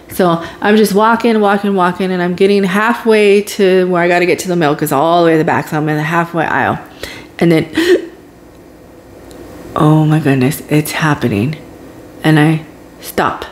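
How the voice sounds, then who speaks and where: A woman with a somewhat low speaking voice tells a personal story straight to camera. Her retelling is animated and dramatic, and she drops into hushed whispers at the tense moments. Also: moderate pace, slight background noise. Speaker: vlogger. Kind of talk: casual storytelling vlog.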